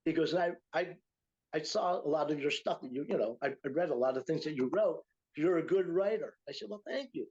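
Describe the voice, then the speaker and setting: A man's voice: a little high, fairly quick, darkish tone, muffled recording. An older man from upstate New York, a retired teacher and writer, telling a story in a casual interview with many fillers and restarts. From Utica, New York, USA.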